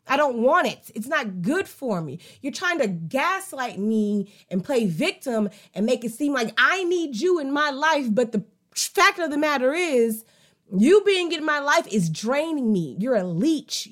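A woman hosting a casual song breakdown, talking emphatically with plenty of swearing. She moves between heated rants and slow, drawn-out musing. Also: fairly high pitch, a bit bright. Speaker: podcast host.

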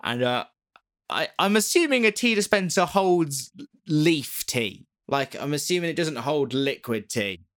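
A man's voice: on the high side, lively intonation, measured pace, a bit bright. A man casually retelling a ghost story to a co-host, rambling and joking, often breaking off to laugh at his own tangents.

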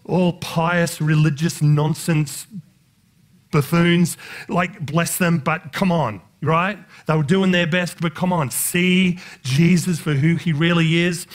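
A man's voice: a little slow, few pauses. A male pastor preaching a sermon, joking with the congregation and rising into impassioned preaching. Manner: jokey, conversational, talks directly to the congregation; builds into impassioned, high-pitched preaching.

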